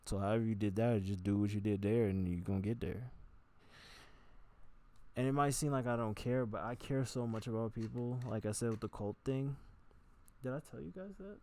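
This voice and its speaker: A man's voice: fairly low pitch, fairly even intonation, fairly quick, darkish tone. A young man vlogging in a loose, unscripted monologue to the camera. He swears freely and often breaks into acted-out quoted voices. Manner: rambling and profane, with sudden jumps into acted-out quoted voices. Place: on camera, gesturing with hands.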